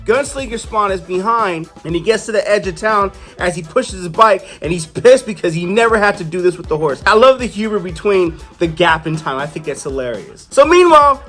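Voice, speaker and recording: High-voiced man chatting about comics. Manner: animated, chatty, digresses, acts out the characters. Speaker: comic book reviewer. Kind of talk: casual review talk.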